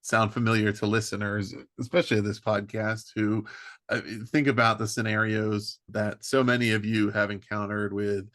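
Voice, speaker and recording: A man hosting a podcast, speaking thoughtfully with many pauses and fillers. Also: lowish voice, little pitch movement, fairly bright tone, dry recording, studio quality. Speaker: podcast host. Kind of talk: conversational interview.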